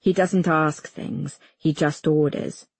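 A woman's voice: low-pitched, steady tone, slow pace, a little mellow, breathy edge, no echo. A woman narrating a first-person novel as an audiobook, telling it in a tense, urgent way and voicing the heroine's lines. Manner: tense, urgent storytelling with voiced dialogue.

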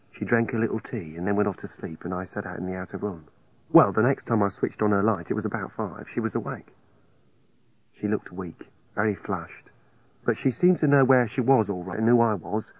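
A man narrating a first-person story in a plain, halting, confessional way. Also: fairly low pitch, breathy edge, dry recording. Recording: dry, slightly dull studio recording.

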